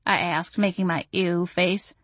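A woman's voice: lowish voice, steady tone, a little slow, dry recording. Dry-toned woman narrating an audiobook. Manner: dry, wry first-person delivery.

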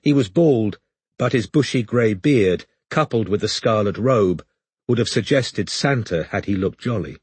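A man narrating an audiobook in a measured storytelling manner, close to the mic. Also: on the low side, animated, a little mellow, husky, dry recording.

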